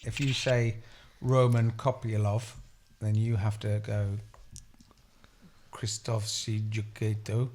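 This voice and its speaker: A man's voice: on the low side, level tone, slow, a little mellow, slight background noise. A man chatting casually as a podcast co-host, rambling through stories and laughing often, at a table mic in a studio room. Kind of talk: casual chat. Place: studio room under bright lights.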